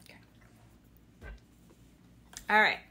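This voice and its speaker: A woman with a sharp tone leads a live-streamed energy healing session, with a little hiss or hum in the audio. She guides breaths slowly and soothingly and chats with viewers, mixing in blunt swearing.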